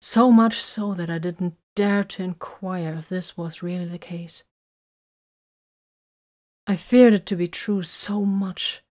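A hurt, bitter young woman warrior pours out her feelings in an audiobook, as a woman reads her part. The voice sits a little low and carries raw emotion through long confessions. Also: darkish tone, lightly acted. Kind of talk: audiobook character reading.

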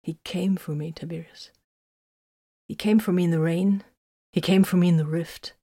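An intense male psychic librarian speaks quietly and earnestly, as a woman reads him aloud. The voice is a little low and sounds dry and close-miked, like a storybook audiobook. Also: fairly even intonation, normal speed, no room sound.

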